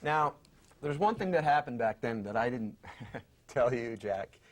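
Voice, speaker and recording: A man hosts a relaxed panel talk show, his voice sitting at an ordinary middle pitch. He talks haltingly, stopping and restarting his sentences and filling the gaps with "um" and "uh.". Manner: halting, many fillers and restarts. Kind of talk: casual panel chat.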